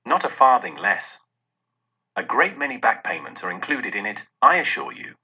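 A man's voice: medium pitch, very animated, normal speed, sharp tone, husky, heavily acted. A man voicing an elderly miser, newly joyful and generous, speaking eagerly and effusively in a dull lo-fi recording.

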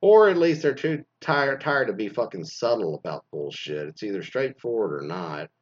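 A man's voice: lowish voice, lively intonation, normal speed, breathy edge. A man ranting casually on a podcast, profane and rambling, full of fillers, on a dull lo-fi recording. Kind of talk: casual rant.

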